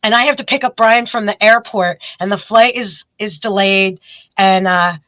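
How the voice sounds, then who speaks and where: A woman, a guest telling a story in casual chat, animated and quick. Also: mid-range voice, no echo, poor audio. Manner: animated, quick storytelling with bursts of acted quotes.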